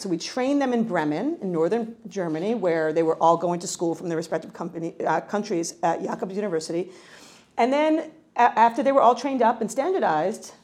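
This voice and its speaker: A middle-aged woman from New York, a researcher answering interview questions in a lively, conversational way, often restarting her sentences. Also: lowish voice. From New York, United States. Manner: animated, frequent self-corrections and restarts. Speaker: cultural psychology researcher.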